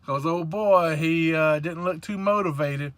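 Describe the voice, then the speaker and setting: A man's voice: on the high side, a little slow, fairly bright tone, dry recording. A man from South Georgia with a Southern accent, chatting casually and joking around in a rambling vlog from his truck. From South Georgia / North Florida, USA. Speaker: truck driver vlogger. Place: truck cab.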